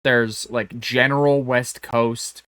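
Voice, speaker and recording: A man's voice: medium pitch, steady tone, slow pace, fairly bright tone, dry recording, clean studio sound. A man co-hosting a podcast, chatting casually, opinionated and swearing, with many restarts. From American South or Southwest. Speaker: podcast co-host.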